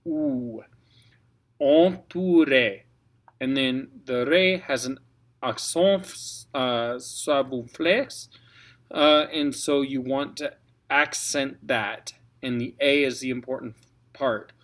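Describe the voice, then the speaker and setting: A man coaching a choir on French diction, patiently spelling out letters and modeling each sound. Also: medium pitch. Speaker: choir director. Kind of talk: French diction lesson for singers.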